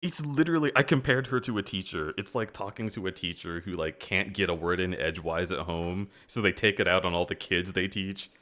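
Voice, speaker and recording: A man on a casual stream, talking with animated sarcasm and heavy swearing. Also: low voice, a little fast, hardly any pauses. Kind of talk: casual chat.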